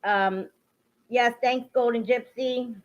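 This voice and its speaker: A woman streamer talks in a casual, blunt way, swearing freely as she chats with her viewers. Her voice sits a bit high. The sound is dull and lo-fi, like cheap stream audio. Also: fairly even intonation, takes it slowly. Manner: blunt, profane, greets chat viewers by name. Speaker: livestream host. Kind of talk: casual livestream chat.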